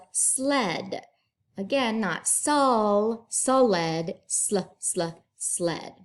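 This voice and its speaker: A woman teacher, patiently leading young children through a phonics lesson and sounding each blend out clearly. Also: a little high. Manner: slow, clear enunciation with drawn-out sounds; patient, encouraging.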